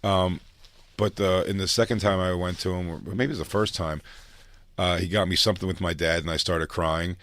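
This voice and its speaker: A man's voice: low-pitched, steady tone, fairly quick, fairly bright tone, no room sound. A man co-hosting a casual comedy podcast, telling rambling stories full of restarts and acted-out quotes. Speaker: podcast co-host.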